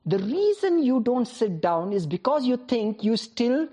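A woman's voice: fairly high pitch, very animated, a little slow, mellow, slightly rough. A woman preaching a sermon, firing rhetorical questions at the congregation, calling on people by name and laughing often between points.

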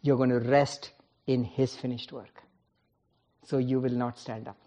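A woman's voice: rumbling low, steady tone, unhurried, dark tone. A woman preaching a sermon, firing rhetorical questions at the congregation, calling on people by name and laughing often between points.

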